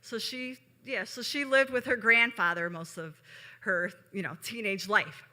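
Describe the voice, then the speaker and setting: A woman's voice: mid-range voice, fairly even intonation, unhurried, pushed and bright. A woman from Chicago telling a personal story on stage in a chatty way, with frequent asides to the audience. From Chicago, USA. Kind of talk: live storytelling.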